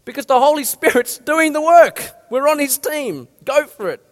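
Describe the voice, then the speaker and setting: A man's voice: very high-pitched, expressive, moderate pace. A man, preaching an earnest, direct sermon. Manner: earnest, direct, rallying exhortations. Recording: long hall reverb.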